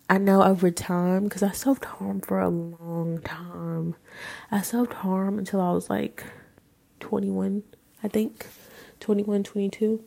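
A woman in her twenties hosting a podcast, telling a personal story in a frank, raw, casual way with some swearing and halting pauses. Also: lowish voice, creaky, mellow. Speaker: podcast host. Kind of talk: candid personal storytelling monologue.

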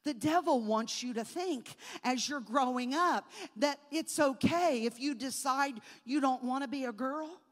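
A woman preacher telling a childhood story in a sermon, moving between soft storytelling and loud preaching. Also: high voice, a little slow, few pauses, long reverb tail.

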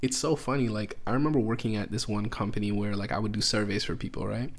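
A man's voice: on the low side, fast talker. A man in his thirties co-hosting a podcast with his wife, telling stories casually with many filler words. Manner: animated storyteller, laid-back, lots of filler words. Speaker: podcast co-host, host's husband.

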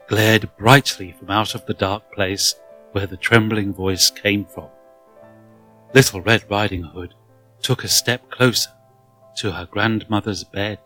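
A man reading a children's story aloud in an expressive, dramatic manner. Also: fairly low pitch, measured pace, faint music behind, poor audio.

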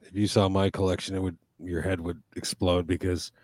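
A man's voice: deep voice, flat delivery, fairly quick, a little mellow, no room sound. A man co-hosting a casual podcast chat, rambling and swearing freely, with lots of restarts. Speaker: podcast co-host.

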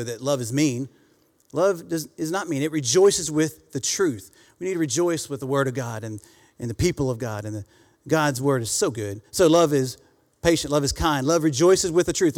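Man preaching in a reverberant church. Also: on the high side. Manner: preaching with congregation call-and-response. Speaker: pastor. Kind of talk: sermon. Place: church sanctuary.

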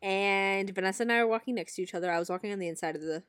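A young woman in casual chat, blunt and animated, swearing often as she tells stories. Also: mid-range voice, rapid-fire, smooth, dry recording.

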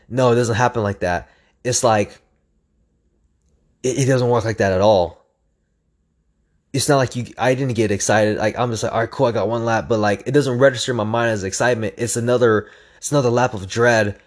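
A young man telling a story in a casual, intense way, swearing often, repeating phrases and acting out his own inner voice. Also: mid-range voice. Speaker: storyteller recounting a hard run.

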